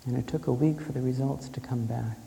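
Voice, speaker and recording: A man telling a personal story in a calm, reflective way before an audience. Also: mid-range voice, a little fast, creaky, slight background noise. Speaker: speaker. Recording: echoey hall with faint ambience.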